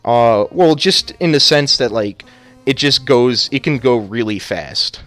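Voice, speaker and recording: A man's voice: medium pitch, animated, a little slow, a bit bright. A man casting an amateur esports match, talking casually and joking around with many fillers. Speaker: esports caster.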